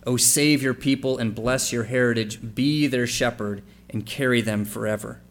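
A man's voice: mid-range voice, steady tone, moderate pace. A man preaching a sermon, reading scripture passages aloud and then explaining them in a conversational, questioning way. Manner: asks the congregation questions and spells out letters for emphasis. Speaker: pastor.

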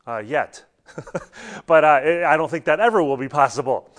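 A man delivers a sermon in an easy, talk-like manner, weaving in anecdotes. His voice sits a little on the high side. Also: normal speed. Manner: conversational preaching with anecdotes and light laughs. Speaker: pastor.

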